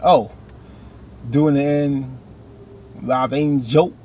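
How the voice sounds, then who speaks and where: Man, casual TV recap, animated, faint background hiss. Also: mid-range voice, very slow. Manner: animated, talks back to characters with rising outbursts. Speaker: TV recap vlogger.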